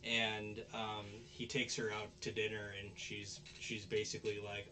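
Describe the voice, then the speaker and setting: A man's voice: lowish voice, completely flat delivery, a little slow, few pauses, bright, forceful tone. A man hosting a podcast, casually recapping an anime episode with lots of fillers and restarts. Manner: rambling, many fillers and restarts. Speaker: podcast host.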